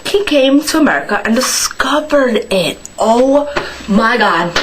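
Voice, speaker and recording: A woman's voice: a little high, animated, a little slow. A woman ranting on her vlog, sarcastic and mocking, swearing freely. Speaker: vlogger. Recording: distant mic with background noise.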